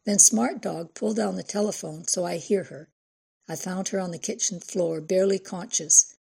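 A gentle man speaks in short, halting phrases of broken English, as a woman narrator puts him on. The voice is low, dark and husky. It is an audiobook reading. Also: fairly even intonation. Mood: plain.

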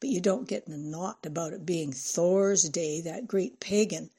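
Woman reading patient husband, soothing, reasonable, low husky voice. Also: normal speed, mellow. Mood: placating. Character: placating husband, mild and patient.

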